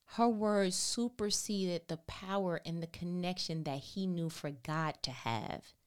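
Her voice is lowish and smooth, never hurried. She hosts a podcast, reading Bible passages and naming the verse numbers before bursting into animated, joking remarks peppered with slang.

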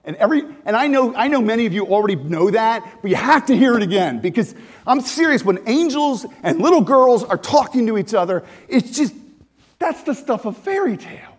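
A man preaching a sermon in an animated, emphatic way, full of restarts, repetition and joking asides. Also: high-pitched, a little fast. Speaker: pastor.

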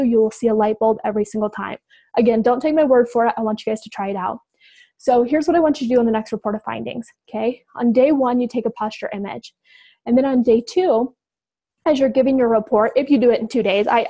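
A woman giving an energetic, direct instructional talk to healthcare providers, addressing them as "you guys". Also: on the high side, no room sound, poor audio. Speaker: business coach for healthcare providers.

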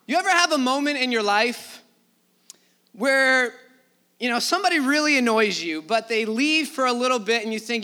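A man delivers a sermon with a high, bright, forceful voice. He talks conversationally, slipping into acted-out asides and vivid retellings as he preaches. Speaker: pastor.

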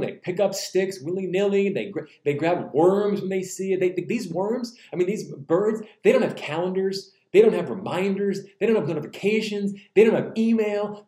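A man preaching a sermon in an animated way, acting out quoted voices and slowing down for emphasis. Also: fairly high pitch, echoey room. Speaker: pastor.

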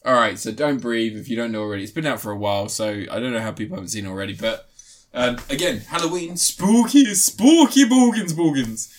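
A man's voice: fairly low pitch, rapid-fire, fairly bright tone, slight background noise. A man giving a rambling, crude, joke-filled film review, swearing often. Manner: rambling, crude, swears a lot, jokey asides. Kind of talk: casual comedic film review.

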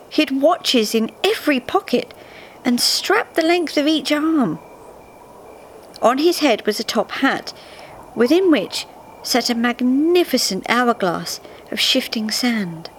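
A woman storyteller giving an expressive, measured live reading of a festive tale in a theatre. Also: a little high, slight background noise, rough recording.

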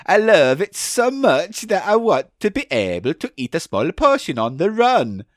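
A man voicing an eager male cheesecake inventor in a strange put-on accent, pitching his product. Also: very animated, a little slow, no room sound, clean studio sound. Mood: salesy. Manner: odd put-on accent, salesy.

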